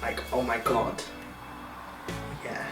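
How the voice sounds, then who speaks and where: A man with a middle-pitched voice chats in a relaxed, jokey way, chiming in as the story goes along. He sounds distant from the mic in an echoey room, with music behind. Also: slow pace. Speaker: vlog co-host. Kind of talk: casual chat.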